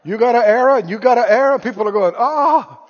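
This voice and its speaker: A man with a strikingly high voice preaches to his church, talking plainly and tossing questions to the congregation. The sound is muffled and dull, and it trails off into a long hall reverb. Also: rapid-fire. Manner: conversational preaching, quizzes the congregation. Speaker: pastor. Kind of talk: sermon.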